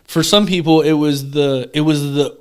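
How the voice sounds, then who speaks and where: A man's voice: on the high side, steady tone, moderate pace, darkish tone, clear, resonant tone. A young man hosting a podcast, chatting casually, rambling and swearing freely. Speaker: podcast host. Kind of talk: casual chat.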